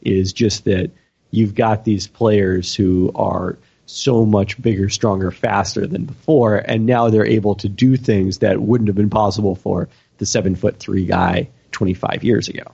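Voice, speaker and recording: Gravelly low-voiced man, halting podcast talk. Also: fairly even intonation, darkish tone, lo-fi sound. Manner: hesitant, searching for words with many fillers. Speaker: podcast panelist answering listener questions. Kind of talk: casual podcast discussion.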